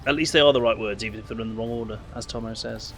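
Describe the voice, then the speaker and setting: A man's voice: fairly low pitch, racing, a bit bright, soft background music. A man chatting casually while playing a video game, laughing and tripping over names. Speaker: game streamer. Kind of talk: casual let's play commentary.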